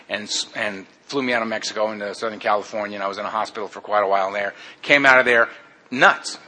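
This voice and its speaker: A man's voice: lowish voice, bright, forceful tone. A man candidly telling his own recovery story in a casual, blunt way, often calling his listeners "man". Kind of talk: personal testimony, casual storytelling.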